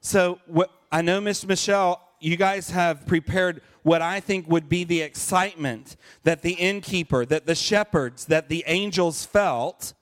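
High-voiced, animated male storyteller. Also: measured pace, hardly any pauses. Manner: animated, asks the audience questions. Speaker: pastor. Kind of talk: telling a picture-book story to a congregation.

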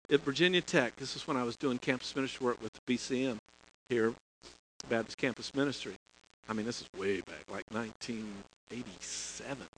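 A man's voice: fairly high pitch, sharp tone, a little hiss or hum, poor audio. A middle-aged man preaching a storytelling sermon in a folksy way, chuckling and restarting phrases. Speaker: pastor.

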